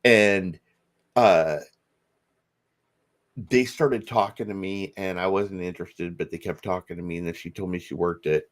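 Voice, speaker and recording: Middle-aged man, low voice, rambling podcast storyteller who acts out quotes. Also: a little slow, long pauses. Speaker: podcast co-host. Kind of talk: casual storytelling chat.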